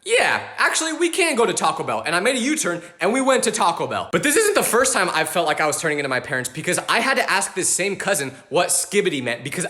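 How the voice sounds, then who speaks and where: A young man telling funny stories as a comedian, animated and acting out voices. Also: high-pitched, fast, hardly any pauses. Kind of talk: comedic storytelling monologue.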